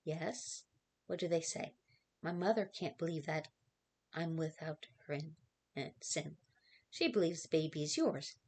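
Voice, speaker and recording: A woman reading aloud as a frightened young girl, halting and pleading, in a dramatic reading of a novel. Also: low-pitched, lively intonation, darkish tone, exaggerated voice. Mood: anxious.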